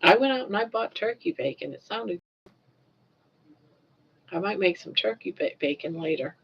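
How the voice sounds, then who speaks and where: A woman's voice: lowish voice, lively intonation, normal speed, gravelly, husky. An older woman from Maine hosting a casual livestream chat, rambling along and repeating words as she goes. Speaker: livestream host. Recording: dull lo-fi livestream audio.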